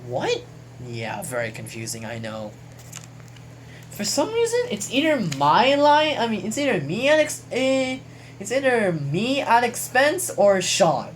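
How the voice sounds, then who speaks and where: Lively, rambling woman reading a quote journal. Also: mid-range voice, a little slow, slight background noise, low-quality recording. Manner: chatty, jokey, swears casually, trails off mid-sentence. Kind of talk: casual rambling recap.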